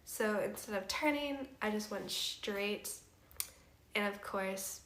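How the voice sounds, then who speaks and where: A woman's voice: mid-range voice, slow, fairly bright tone, slight background noise. Chatty young woman in echoey room. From Canada. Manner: chatty, laughs often, filler-heavy. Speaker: streamer. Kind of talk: casual storytelling. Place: house room. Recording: roomy echo.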